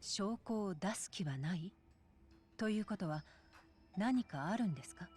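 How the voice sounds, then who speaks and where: A woman's voice: medium pitch, expressive, brisk, a little mellow, soft background music, lightly acted. An actress playing a polite, composed young female lawyer in a video game, speaking formally.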